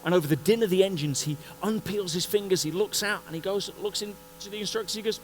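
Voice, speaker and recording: A man giving a motivational talk at a conference, telling a story in an animated way and acting out the scenes. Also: high-pitched, fast, a little hiss or hum, rough recording. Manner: animated, acts out scenes and voices. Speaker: conference speaker. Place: conference stage before an audience.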